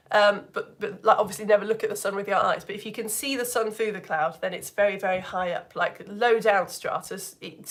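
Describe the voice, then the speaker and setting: A woman's voice: medium pitch, a bit bright. A woman teaching a live online science lesson in a chatty, enthusiastic way, asking the viewers questions as she goes.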